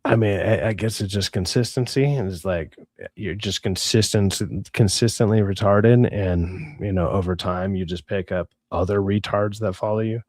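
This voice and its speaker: A young adult streamer with a fairly low, darkish voice rants at normal speed, swearing and sounding exasperated as he stammers, restarts, and reads chat aloud. The recording is clean studio sound without any room sound.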